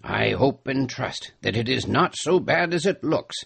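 A man voicing a gruff older sea captain in a storybook reading, hearty and commanding. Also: mid-range voice, animated, a little slow, fairly bright tone, voice pushed up, heavily acted. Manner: hearty, commanding, says "lad".

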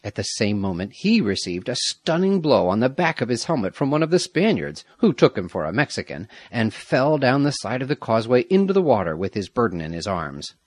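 A man narrating an adventure story in a measured, dramatic reading. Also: mid-range voice, sing-song, dry recording. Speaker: audiobook narrator. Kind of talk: scripted narration.

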